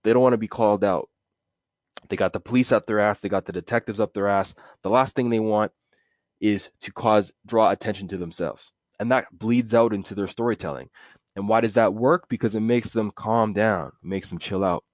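A man hosting a solo podcast, talking in a relaxed, conversational way with plenty of fillers. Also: fairly low pitch, a little fast, no room sound, studio quality. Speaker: podcast host.

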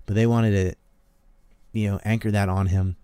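A man with a low voice, raised in the American South, chatting casually as a podcast host. He rambles, trails off and restarts, and laughs a lot. The sound is dry and close. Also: flat delivery, normal speed, warm tone, clean tone, no echo. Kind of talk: casual political chat.

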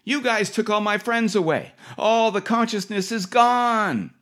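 A woman's voice: medium pitch, expressive, unhurried, fairly bright tone, pitched above the performer's own voice. A man voicing a jittery woman on meth who rails in an agitated way, in a read-aloud story. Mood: ranting. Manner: railing, agitated. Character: jittery fast-moving woman on meth, ranting.

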